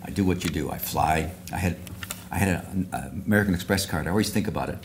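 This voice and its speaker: A man's voice: deep voice, fast, background noise. An older man giving an anecdotal luncheon speech, rambling with frequent restarts and asides. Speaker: award speaker. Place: luncheon hall.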